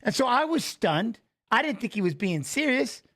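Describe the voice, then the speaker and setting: A middle-aged man in casual chat, telling a story with swearing and loud, exclaimed quotes. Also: very high-pitched, sing-song, moderate pace. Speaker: fight analyst streaming a watch-along.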